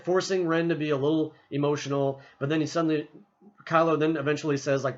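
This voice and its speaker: Guy rambling about a movie, lots of restarts, kinda high voice, muffled cheap mic. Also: steady tone, quick pace. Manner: rambling, many restarts, paraphrases scenes in voices. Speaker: movie reviewer. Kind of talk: casual film commentary.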